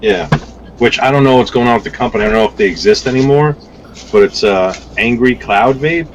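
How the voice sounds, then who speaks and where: A man's voice: medium pitch, brisk, a little hiss or hum, rough recording. A man talking as a podcast guest, telling stories in a rambling, profane way and often repeating himself. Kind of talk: casual storytelling chat.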